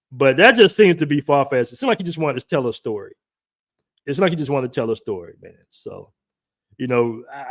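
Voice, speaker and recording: A man hosting a livestream and reacting in loose, animated commentary, often repeating himself. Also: a little high. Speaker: livestream host.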